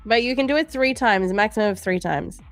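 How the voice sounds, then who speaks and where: A woman's voice: mid-range voice, fast, soft background music. A woman hosting a live trading stream, reading viewer comments aloud in a playful, teasing way and laughing often. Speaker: livestream trading show host.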